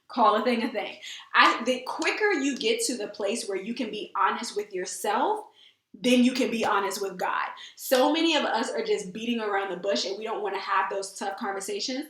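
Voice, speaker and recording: A woman sharing her faith in a relaxed testimony style, earnest and emphatic, driving her points home by repeating them. Her voice sits a little high, and the room around her rings with echo. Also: brisk. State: teary. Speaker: host. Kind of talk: faith talk, casual testimony. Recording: echoey room.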